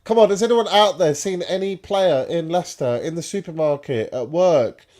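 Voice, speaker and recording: A man's voice: fairly high pitch, moderate pace, a little mellow. Bantering male fan stream co-host. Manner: chatty, banter. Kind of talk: casual live stream chat.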